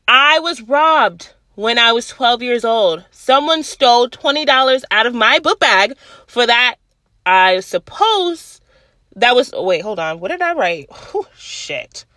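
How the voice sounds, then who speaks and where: A young woman hosting her own podcast, chatting casually and bluntly with a loud voice and plenty of swearing. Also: high voice, no echo. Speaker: podcast host. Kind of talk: casual solo podcast chat. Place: at her workplace.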